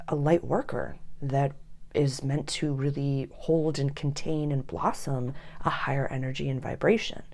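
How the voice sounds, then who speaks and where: A woman giving a casual, earnest astrology reading, often dropping to soft near-whispers. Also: deep voice, creaky.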